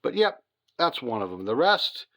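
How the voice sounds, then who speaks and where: A worn-out man chats loosely to a phone camera on a mount, at home at night. He rambles with plenty of ums and restarts, speaking at an everyday mid pitch. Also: very animated, moderate pace, sharp tone. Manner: rambling and tired, many fillers and restarts. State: tired. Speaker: hobby channel host. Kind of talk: casual chat to camera.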